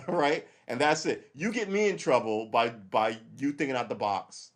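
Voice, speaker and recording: Brief: middle-aged male streamer, casual profane commentary, mid-pitch voice, rambles and acts out quick bits of dialogue. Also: lively intonation. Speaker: live stream host. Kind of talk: casual live commentary, reacting to a news article.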